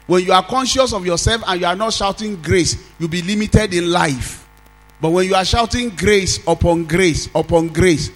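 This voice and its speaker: Nigerian male pastor, raised pitch, call-and-response preaching over soft background music. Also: poor audio. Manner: preaching with call-and-response, drawn-out sung phrases. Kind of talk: sermon.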